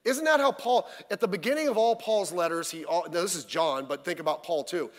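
A pastor's unusually high male voice carries a midweek sermon through the long reverb of a church hall. He speaks a little fast, in a folksy, chatty manner, firing rhetorical questions at the congregation.

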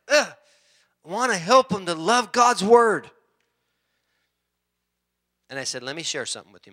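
A middle-aged man preaching as a pastor, conversational and halting, often clearing his throat and restarting sentences. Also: medium pitch, sharp tone. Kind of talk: sermon.

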